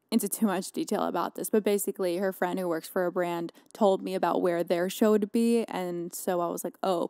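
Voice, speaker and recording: A woman's voice: on the low side, creaky, a little mellow, no room sound, clean studio sound. A young woman hosting a podcast, telling a rambling casual story full of "like" fillers. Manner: rambling, chatty, lots of "like" fillers. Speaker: podcast host.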